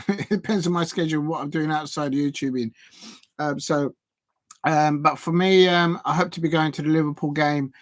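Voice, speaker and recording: A man hosting a live football watch-along on his channel, chatty and excitable and jumping to shouts at big chances. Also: a little high, moderate pace, no echo.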